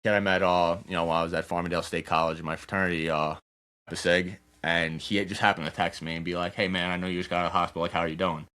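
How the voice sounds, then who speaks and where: A young man in his twenties, a podcast guest telling a candid personal story in a loose, rapid way, acting out what others said. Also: sits low, flat delivery, bright, forceful tone, clear, resonant tone. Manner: rapid, loose storytelling full of "like" and acted-out quotes.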